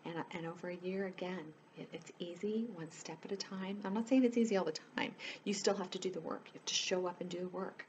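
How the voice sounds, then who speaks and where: Earnest woman coach with a low voice. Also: steady tone, quick pace, few pauses, a little mellow, a little hiss or hum. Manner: earnest, pleading, heavy on "you know". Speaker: life coach. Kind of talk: casual direct-to-camera chat.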